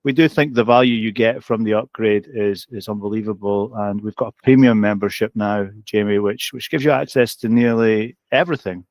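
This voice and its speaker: A man's voice: fairly low pitch, a little fast, few pauses, darkish tone, no echo. Upbeat man hosting, dry sound. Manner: upbeat, often addresses co-host by name. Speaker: co-host of a coaching community update. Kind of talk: casual promotional chat.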